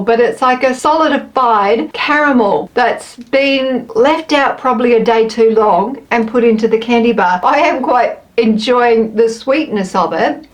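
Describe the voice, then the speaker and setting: Woman vlogger, slightly high voice, chatty snack taster, pokes fun at herself. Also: low-quality recording. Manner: chatty, self-mocking, thinks aloud while eating. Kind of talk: casual chatty product review.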